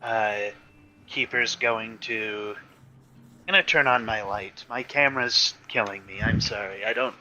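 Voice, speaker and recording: A laid-back man chatting casually during a tabletop game, speaking slowly. His voice is very bright and sharp, with faint music behind a muffled, lo-fi call sound. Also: fairly low pitch. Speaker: player. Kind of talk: casual chat.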